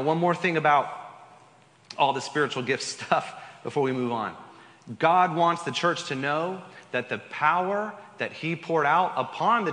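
Speaking with a fairly high, pushed, and bright voice, a man preaches a Sunday sermon as pastor. He is conversational and emphatic, turning aside to the congregation in the church sanctuary, with long hall reverb on the recording.

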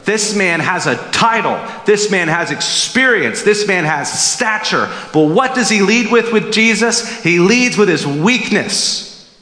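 Animated pastor preaching in an echoey hall. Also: male voice, sits high, a little slow. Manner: animated, emphatic preaching with acted-out quotes. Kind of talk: sermon. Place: church sanctuary.

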